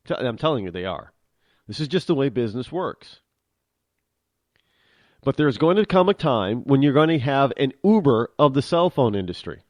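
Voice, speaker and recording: Animated man riffing on a show. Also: medium pitch, no echo. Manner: conversational, emphatic, frequent restarts and repeated words. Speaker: talk show host. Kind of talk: opinionated monologue.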